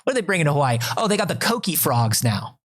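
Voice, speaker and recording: A man's voice: fairly high pitch, sing-song, quick pace. A man co-hosting a comedy podcast, rambling through statistics with lots of restarts. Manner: rambling, full of fillers and restarts, reads out statistics. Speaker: podcast co-host. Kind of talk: comedic casual chat.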